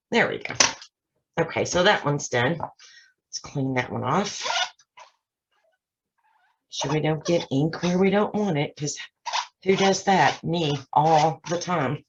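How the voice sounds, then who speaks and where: A woman narrates a casual card-making tutorial from her home craft desk, walking through each step and poking fun at her own mess. Her voice carries a steady vocal fry. The recording sounds a little muffled and lo-fi, with a faint hiss underneath. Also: low-pitched, takes it slowly, pauses often. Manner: chatty, narrates each step, self-deprecating asides. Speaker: craft channel host. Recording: slightly dull lo-fi sound.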